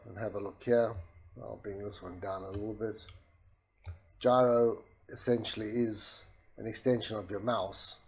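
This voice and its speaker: A software demonstrator walks through a screen-recorded product demo step by step. His lowish voice is soft and doesn't carry far, and his steady explanation includes restarts and voice commands.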